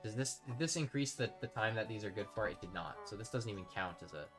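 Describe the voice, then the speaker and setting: A man's voice: fairly low pitch, lively intonation, quick pace, over music. A man chatting casually while live-streaming a game, rambling and reading out his chat. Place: home streaming setup.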